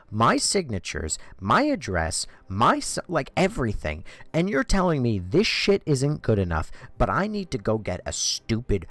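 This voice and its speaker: Lively, swearing man streaming. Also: medium pitch, unhurried, no room sound, soft background music. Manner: profane, exasperated ranting. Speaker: game streamer. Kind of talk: livestream chat.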